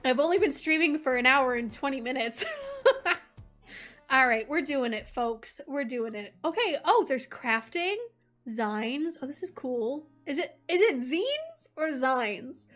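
A woman's voice: sits high, sing-song, a little slow, a bit bright, faint music behind. A woman streaming a game, chatting in a bubbly, giggly way and reading the game text aloud. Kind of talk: casual let's-play chat with chat.

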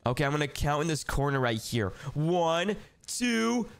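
A man hosting a gaming video, giving excitable, jokey let's-play commentary and talking straight to viewers. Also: on the high side, normal speed, creaky, smooth, no room sound.

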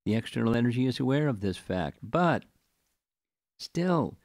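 An older man giving a scripture class, reading a long commentary slowly and deliberately and explaining it to his listeners. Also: mid-range voice, animated, a little mellow, no room sound, clean studio sound. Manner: slow, deliberate reading with chanted verse recitation.

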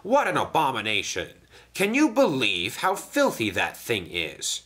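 A grand, indignant express engine, voiced by a man who splutters and complains. The voice is pushed up high and loud with a bright ring. Pompous at every turn. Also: huge pitch swings, a little slow. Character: pompous grumpy big male express engine.

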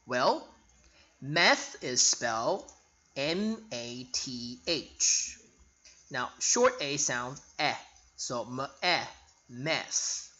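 A man teaching an English spelling lesson, spelling out letters slowly and repeating each word for the learner. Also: mid-range voice, lo-fi sound. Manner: bright, lively teaching voice.

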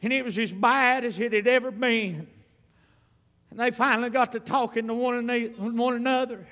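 A preacher with a very high, bright voice delivers a folksy, emphatic revival sermon. He stretches out his phrases for emphasis, and his voice carries a long reverb through the church hall. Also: steady tone, normal speed.

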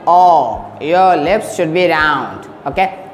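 Woman, English teacher, slow drilled repetition, low voice, echoey room, faint music. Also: expressive. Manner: slow, repeats words for drilling pronunciation; checks in with "Okay?" often. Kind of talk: beginner English lesson.

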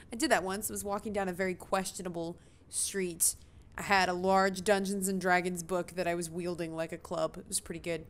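A woman's voice: lowish voice, fairly even intonation, fairly quick. A young woman giving casual, gushing commentary while she plays a game, giggling often. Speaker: gaming streamer. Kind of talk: casual let's-play commentary.

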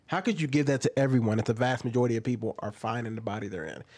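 A man's voice: medium pitch, racing, a little mellow. Argumentative man asking rhetorical questions. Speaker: commentator. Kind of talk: reaction commentary.

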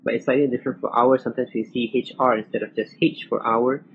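A man's voice: mid-range voice, fairly even intonation, fast talker. Man lecturing over slides, muffled recording. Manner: methodical, spells out symbols letter by letter. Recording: muffled old recording with faint hiss.

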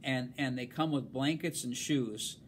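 A man's voice: medium pitch, measured pace, slight background noise, lightly acted. A man reading aloud and voicing an eager colonial man selling off two servant girls.

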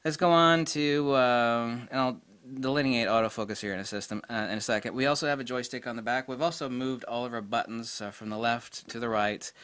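A middle-aged man giving a casual spoken camera review, blunt and excitable, with mild swearing. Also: mid-range voice, fairly quick, clean tone, dry recording.

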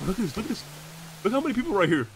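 A man's voice: high voice, sing-song, racing, noisy background. A man streaming a game role-play as a pirate robber, brash and profane, throwing in growled pirate calls.

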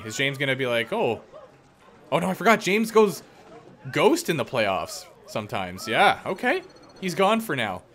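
Guy doing hockey game commentary on his own play, bright voice, hypes himself up, yells at the cpu. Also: medium pitch. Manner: excitable, joking play-by-play with sudden outbursts; talks to himself and the game, teasing opponents. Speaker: gaming YouTuber.

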